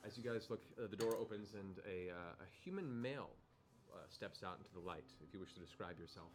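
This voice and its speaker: A man narrating as game master of a tabletop game, relaxed and halting, with many fillers. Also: low voice, noisy background.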